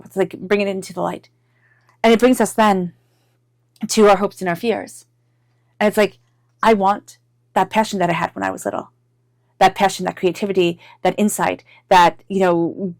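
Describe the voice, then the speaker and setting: A woman giving an intuitive tarot reading in a chatty, animated way, full of "like" fillers, sometimes acting out inner voices. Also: medium pitch, dry recording, clean studio sound. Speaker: tarot reader.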